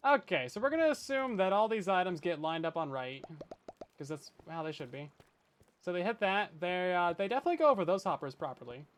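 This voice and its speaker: A young Canadian man streams a survival game from a hot bedroom, giving casual gameplay commentary and chatting with viewers in a jokey, self-deprecating way. His voice is high-pitched, very animated and brisk.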